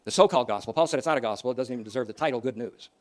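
A man preaching a sermon, swinging from loud emphatic declarations to soft, quiet asides. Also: mid-range voice, very fast. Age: older.

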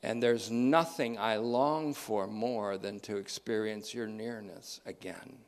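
A man's voice: fairly low pitch, slow. Emphatic male preacher. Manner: emphatic, repeats key phrases, varies pace. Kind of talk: sermon.

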